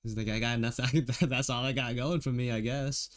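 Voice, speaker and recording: A man's voice: medium pitch, moderate pace. An American man streaming while he draws, chatting casually with his viewers and laughing often. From United States. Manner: relaxed, laughs often, talks to chat. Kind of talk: casual chat while drawing.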